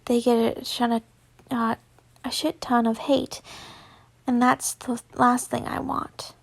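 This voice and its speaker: A woman's voice: a little high, little pitch movement, takes it slowly, creaky, slight background noise. Giggly young woman reading fan fiction. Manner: giggly, stumbling, swears in asides. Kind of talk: casual story reading with asides.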